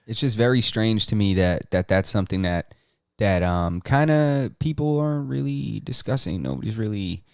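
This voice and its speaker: A man co-hosts a podcast in a loose, rambling way, restarting his sentences and swearing casually. His voice is smooth and resonant. The recording is dry and close, with no room sound. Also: fairly low pitch, lively intonation, normal speed, a little mellow, dry recording. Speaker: podcast co-host. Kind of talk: casual chat.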